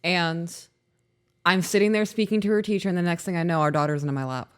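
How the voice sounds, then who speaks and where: A man co-hosting a podcast in casual chat, frank and quick to chime in. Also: high voice, fairly even intonation, a bit bright, clean tone. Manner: quick agreeing interjections, frank. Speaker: podcast co-host.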